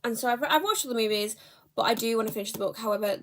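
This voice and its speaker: A woman's voice: on the high side, very fast, a little hiss or hum. A young woman, chatting casually in a book vlog, rambling and correcting herself as she goes. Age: young adult. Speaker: book vlogger. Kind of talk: casual chat.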